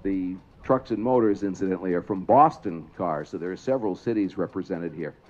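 A man's voice: low-pitched, brisk, a little mellow, highs cut off. A man announcing a trolley parade to a crowd outdoors, explaining things and asking the audience questions. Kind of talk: public address commentary to a crowd. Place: outdoors at a trolley museum event.

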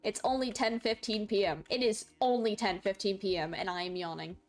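Here the streamer's voice is medium-pitched and fairly even, moving a little fast with faint music underneath. She's a young adult in college, playing a game, giggling often, reading chat out loud and answering people casually.

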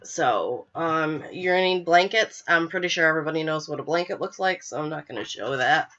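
Young woman, stuffy from a cold, low-pitched, chatty live host, lo-fi webcam audio. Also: brisk, fairly bright tone. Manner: chatty, filler-heavy, apologetic. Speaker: podcast host. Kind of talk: casual live show chat.

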